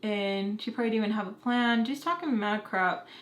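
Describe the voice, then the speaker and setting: In an echoey room with faint background noise, a young American woman with a Utah accent talks a little fast in a mid-range voice. She's doing a story-time vlog, relating something personal in a casual, animated way and performing her relatives' voices.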